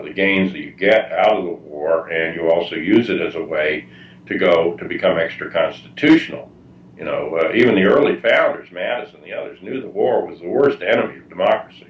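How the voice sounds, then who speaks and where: Low voiced guy rambling with lots of ums, far off mic, muffled echoey hall sound. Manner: halting with many fillers and restarts. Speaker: guest speaker. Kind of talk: lecture-style answer at a public talk. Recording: distant muffled roomy mic.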